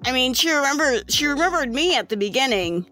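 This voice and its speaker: A woman's voice: high voice, animated, a little fast, pushed and bright, soft background music. A young woman who runs a tabletop game and narrates casually, rambling and swearing. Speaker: game master.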